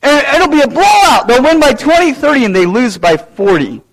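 A pastor delivers a sermon in a strikingly high male voice. He builds to loud, raised lines, then sinks into low, quiet asides to the congregation. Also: big pitch swings, moderate pace, low-quality recording.

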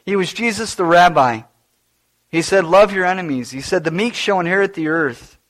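A guilt-ridden male thief, played by a preacher, confesses in a hushed, lowered voice. The voice sits fairly high for a man, even when dropped for the role. It unfolds slowly and uneasily, like a sermon dramatization. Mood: remorseful.

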